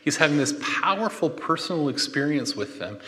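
A man preaching a conversational sermon, animated and chatty, with joking asides. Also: a little high, brisk. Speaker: pastor. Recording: long hall reverb.

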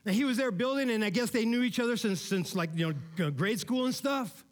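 High-voiced man preaching casually. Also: brisk. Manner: casual, conversational preaching with frequent "man" and "all right?"; swings between loud emphatic bursts and quiet low asides. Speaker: pastor. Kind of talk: sermon.

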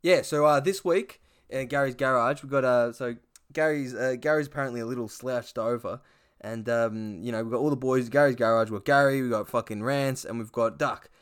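A man's voice: mid-range voice, brisk, clean tone. An Australian man hosting a podcast, retelling a sketch in casual, crude, rambling chat. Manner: rambling, crude, full of fillers. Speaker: podcast host.

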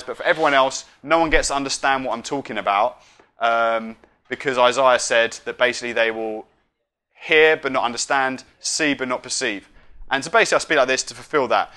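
Bright-voiced casual preacher. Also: male voice, medium pitch. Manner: casual, self-mocking storytelling, then hushed prayer. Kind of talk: sermon ending in prayer.

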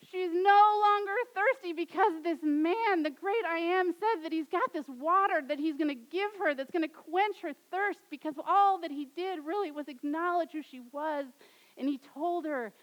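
A woman in her thirties preaching a sermon, swinging from loud, dramatic rises to soft, quiet endings. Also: extremely high pitch, highs cut off. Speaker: pastor.

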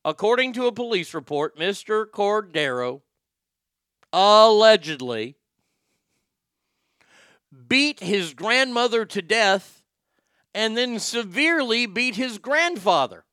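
A man's voice: high voice, very animated, slow pace, pauses often, sharp tone, clear, resonant tone, dry recording, studio quality. A man hosting a show, telling crude news stories in a sarcastic, joking way. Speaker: host. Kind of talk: casual comedic news commentary.

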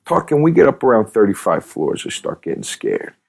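A man hosting a podcast, rambling through a comedic monologue with profane, animated rants that keep second-guessing themselves. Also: fairly low pitch, a little fast, creaky, husky.

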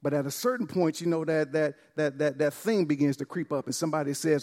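A man's voice: on the high side, fast talker, a little mellow, in a large hall. A man preaching a sermon to a church congregation, exuberant and calling out to them. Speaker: pastor. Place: church service.

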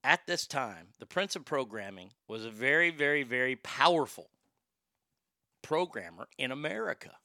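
A man's voice: medium pitch, lively intonation, moderate pace, sharp tone, no room sound, clean studio sound. A man, the show's host, telling a long personal anecdote in a casual, profane, conversational way with frequent restarts.

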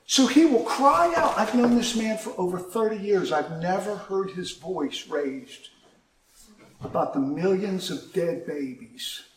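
A man preaching with an impassioned delivery, his voice rising high and then dropping low. He sits fairly high for a man and is picked up from a distance. The room around him is echoey. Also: expressive, measured pace, a little hiss or hum. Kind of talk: sermon.

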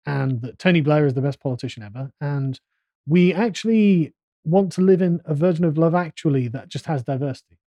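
A man hosts a podcast chat with a mellow, darker tone and a mocking, sardonic edge. His voice is recorded close and dry. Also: fairly high pitch, brisk, no room sound, highs cut off. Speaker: podcast host. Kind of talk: casual discussion.

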